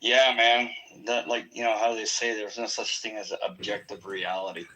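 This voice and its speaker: A man's voice: fairly low pitch, level tone, normal speed, pushed and bright, low-quality recording. A man in a casual podcast chat, agreeably chiming in and musing.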